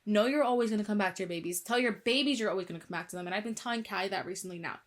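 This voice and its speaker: A woman's voice: mid-range voice, very fast. A young woman co-hosting a podcast in casual chat, emphatic and repeating words as she talks. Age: young adult. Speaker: podcast co-host.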